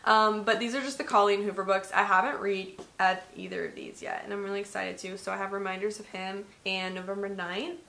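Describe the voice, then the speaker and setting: A woman's voice: mid-range voice, steady tone, fairly quick, creaky, hardly any pauses, bright, forceful tone, a little hiss or hum. A young woman in her twenties chatting casually in a gift-guide vlog from her bedroom, saying "like" a lot. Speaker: vlogger. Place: bedroom at home. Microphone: vlog camera.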